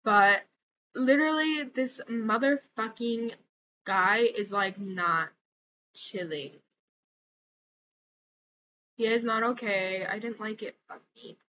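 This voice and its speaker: In a loose, rambling vlog, a young woman vents slowly and with frequent pauses, cursing freely and dropping "like" between nearly every thought. She sounds bright, sharp and exasperated, pitched a little high. The lo-fi audio is slightly dull, with a faint hiss beneath it.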